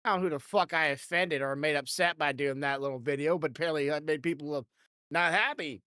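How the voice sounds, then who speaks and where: A woman's voice: low voice, fast, a bit bright, no room sound, studio quality. A woman hosting a podcast in loose, rambling casual chat, swearing freely and laughing often into a desk microphone. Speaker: podcast host.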